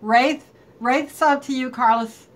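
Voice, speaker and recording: A woman's voice: sits high, fairly even intonation, slow. Chatty woman streaming live. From North Carolina. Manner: chatty, greets viewers by name, laughs often. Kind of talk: casual live-stream chat.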